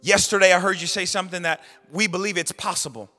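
A man preaching a sermon as pastor, swinging between hushed low lines and loud shouted bursts. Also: steady tone, quick pace. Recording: hall reverb, faint music behind.

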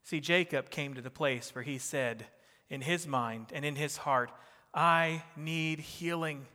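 Middle-aged jersey guy preaching, bright ringing voice, big echoey church hall. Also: medium pitch, moderate pace. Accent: New Jersey. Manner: preaching with rising emphatic bursts and soft drops. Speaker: pastor. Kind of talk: sermon.

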